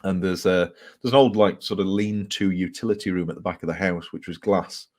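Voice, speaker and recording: Speaking a little fast in a low voice, an English writer shares ghost stories during a casual interview. He's an animated storyteller who laughs along the way and leans on fillers.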